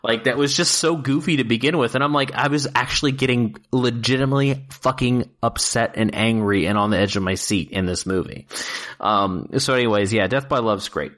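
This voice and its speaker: A man co-hosting a casual podcast, excitable, swearing freely and laughing often. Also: mid-range voice, a little fast. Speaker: podcast co-host reviewing films. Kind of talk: casual chat.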